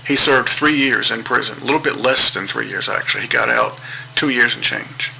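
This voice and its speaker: A man with a gravelly voice telling a true story from his childhood in an earnest, preaching way, repeating himself for emphasis. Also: medium pitch, sharp tone, a little hiss or hum, rough recording. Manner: earnest, preaching storyteller with repetitions and a slow, measured delivery. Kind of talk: personal testimony monologue.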